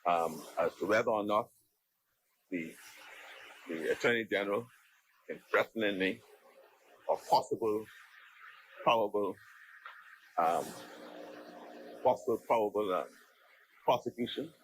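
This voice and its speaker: Bahamian man, MP type, husky tone, argues a point in the chamber, stumbles and restarts a lot. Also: fairly low pitch, measured pace, long pauses, poor audio. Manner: argumentative, frequent restarts and repeated words. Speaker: member of parliament. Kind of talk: parliamentary debate speech. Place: legislative chamber.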